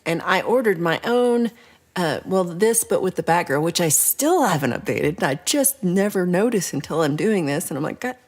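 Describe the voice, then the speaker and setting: A woman's voice: lowish voice, lively intonation, moderate pace, a little mellow. Chatty woman on a livestream. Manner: chatty, rambling, playful, drops into whispered asides. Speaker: livestream host. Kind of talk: casual livestream chat reading viewer comments.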